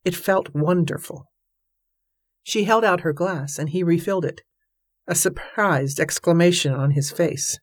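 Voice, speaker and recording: A woman reading a novel aloud in an even, measured narration. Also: fairly low pitch, slightly rough, no echo, clean studio sound. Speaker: audiobook narrator. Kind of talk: scripted narration.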